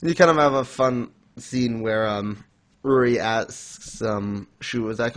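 A man's voice: medium pitch, unhurried, fairly bright tone. Rambling man recapping a story casually. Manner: rambling, filler-heavy storytelling with many restarts. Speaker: podcast host recapping an anime. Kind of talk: casual chat.

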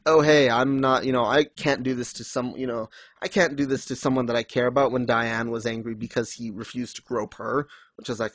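A man's voice: medium pitch, fairly even intonation, no echo. Chatty man recapping with acted-out quotes. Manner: acts out characters' lines in quick voices, laughs often. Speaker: podcast co-host discussing a manga. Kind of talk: casual chat.

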